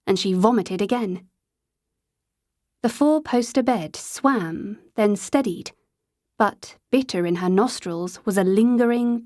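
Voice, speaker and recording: Higher-voiced woman reading an audiobook. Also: no room sound, clean studio sound. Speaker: audiobook narrator. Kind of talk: scripted audiobook narration.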